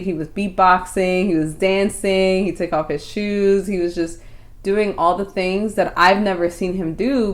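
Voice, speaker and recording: A woman co-hosting a podcast, telling a story in casual chat and acting out quotes. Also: on the low side. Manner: animated, acts out quotes. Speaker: podcast co-host.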